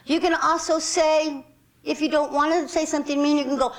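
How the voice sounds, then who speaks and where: A woman's voice: high-pitched, flat delivery, a little fast, low-quality recording. A woman self-defense instructor leading a group class with upbeat, directive instructions and playful asides.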